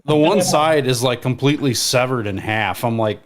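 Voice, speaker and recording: A man's voice: mid-range voice, moderate pace. Male co-host, easygoing chat, dry quips. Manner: joking, wry asides. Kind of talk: casual chat.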